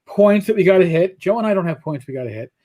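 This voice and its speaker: A man's voice: high-pitched, fast. A man with a New York accent, co-hosting a casual livestreamed podcast. He talks in a profane, rambling way, telling stories as he goes. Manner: profane, rambling, animated storyteller. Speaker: podcast co-host.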